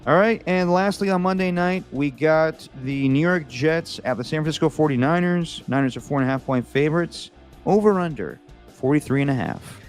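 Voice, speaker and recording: A man co-hosting a casual sports picks chat over a video call, reading out matchups and then giving his takes in a relaxed way. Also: a little high, moderate pace, faint music behind. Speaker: co-host reading out games and picks.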